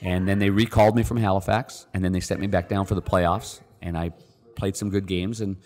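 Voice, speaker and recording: A man's voice: sits low, fairly quick. A middle-aged man, a podcast guest, telling a story casually and acting out the people in it. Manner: animated, acts out the quoted people. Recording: long reverb.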